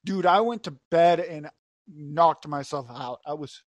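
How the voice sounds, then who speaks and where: A man hosting a casual sports podcast, telling stories in an animated way and laughing often. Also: on the high side, a little slow, no echo. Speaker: podcast host. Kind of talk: casual chat.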